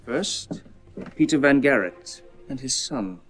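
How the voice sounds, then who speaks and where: An actor playing an earnest young constable in a period horror film, speaking with formal, precise diction. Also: male voice, medium pitch, expressive, slow, a bit bright, soft background music. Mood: grave. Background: film score.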